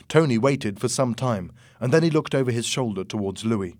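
A man's voice: mid-range voice, expressive, a little mellow, no room sound. Man narrating a story in a dry, close voice. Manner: slow, measured, clear reading. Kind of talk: scripted audiobook narration.

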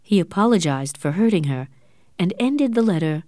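A woman narrating an audiobook with a lower voice and lively, expressive pitch. Her reading is clear and measured, and the recording is close and dry with no room sound. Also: no echo.

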